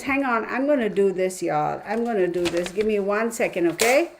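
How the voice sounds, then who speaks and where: A woman's voice: mid-range voice, lively intonation, normal speed, a little hiss or hum. A woman hosts a casual tarot livestream and talks straight to her viewers. She sighs often and mutters her counting under her breath. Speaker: tarot reader livestream host.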